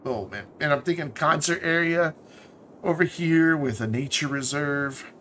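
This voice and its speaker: A man's voice: mid-range voice, normal speed, creaky, a little hiss or hum. Laid-back rambling male streamer. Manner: relaxed, rambling, trails off into muttered asides. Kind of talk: casual live-stream commentary while playing a city-building game.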